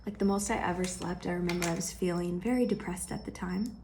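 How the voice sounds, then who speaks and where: A woman sharing a heartfelt personal vlog, speaking gently and intimately to the viewer and often dropping into a soft whisper. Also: on the low side, fairly even intonation, fast, creaky, noisy background. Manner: affectionate, speaks straight to the viewer.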